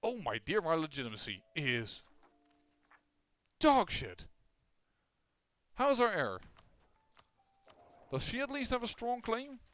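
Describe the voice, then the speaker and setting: A man's voice: high voice, very animated, moderate pace, long pauses, a bit bright, dry recording. A man casually commenting on his own strategy game as he plays, thinking aloud with lots of fillers and restarts. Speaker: gameplay commentator.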